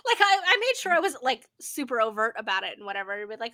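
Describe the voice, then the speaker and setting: A young woman co-hosting a podcast, telling stories in animated casual chat with frequent laughter and swearing. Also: fairly high pitch, quick pace. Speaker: podcast co-host. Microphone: podcast microphone.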